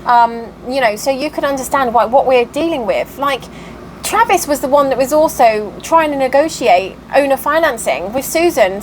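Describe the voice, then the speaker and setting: A woman's voice: high voice, expressive, moderate pace, a little hiss or hum, low-quality recording. A tired woman chatting casually in a vlog update, venting her frustration and getting worked up. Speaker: cross stitch vlogger.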